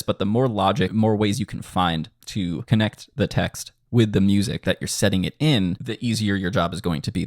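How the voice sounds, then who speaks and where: A man teaching melody writing in a casual tutorial, animated and quick, now and then singing bits of lyrics. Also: on the low side, dry recording, studio quality. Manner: animated, quick bursts, sings snippets of lyrics. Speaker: music composition teacher.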